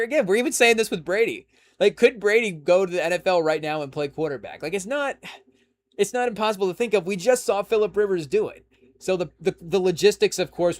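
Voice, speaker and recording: A young man hosting a casual sports podcast, rambling through his points with lots of "you know" and "hey, yo" asides. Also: on the high side. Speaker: podcast host.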